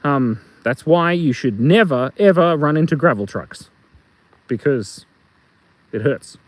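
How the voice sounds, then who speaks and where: A middle-aged Australian man is out in the bush on a playful, rambling live stream, cracking jokes and reading the chat aloud. His voice is fairly high, expressive and unhurried. The phone recording is dry and low quality.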